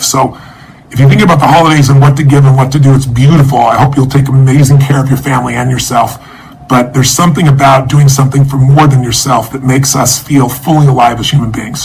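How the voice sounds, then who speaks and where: A man, a motivational speaker, telling a personal story and making a charity appeal in an emotive, energetic way. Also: mid-range voice, creaky, a little hiss or hum, poor audio.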